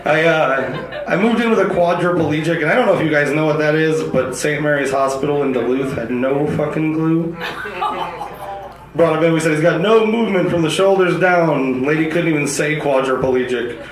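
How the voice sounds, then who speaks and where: A stand-up comedian with a voice on the high side speaks at normal speed into a handheld mic, performing a crude, self-deprecating set on a comedy club stage before a live audience. A crowd is audible, and the club sounds echoey with audience laughter.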